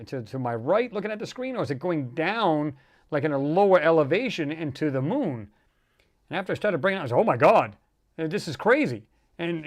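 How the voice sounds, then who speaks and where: A man with a slightly high-pitched voice talks in a loose, rambling way as he hosts a casual livestream. He reacts to viewer comments with animated asides and lots of filler words. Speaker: livestream host.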